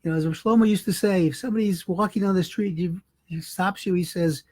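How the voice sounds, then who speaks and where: A man's voice: sits high, brisk, darkish tone, no echo. A man, a rabbi, telling a holiday story in a folksy, conversational sermon.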